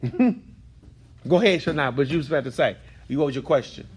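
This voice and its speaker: Male Bible study leader, lively teacher's delivery, calls on the group, slightly higher pitch. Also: normal speed, slightly rough. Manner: animated, repeats phrases, calls on students.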